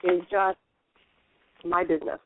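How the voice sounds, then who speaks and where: A woman's voice: on the low side, flat delivery, unhurried, phone-quality sound, a little hiss or hum. A woman co-hosting a casual chat, playful and giggly, mostly giving short replies.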